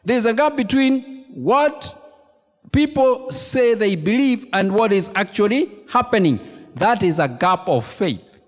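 A man preaching a sermon as pastor, animated and emphatic, repeating key phrases and throwing questions to the congregation. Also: high-pitched, measured pace. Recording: long reverb of a large hall.

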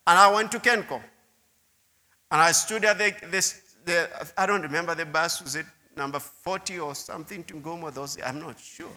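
A man's voice: fairly high pitch, normal speed, sharp tone. A man preaching a sermon testimony, telling his story with repeated words and asides to the listeners. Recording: long hall reverb.

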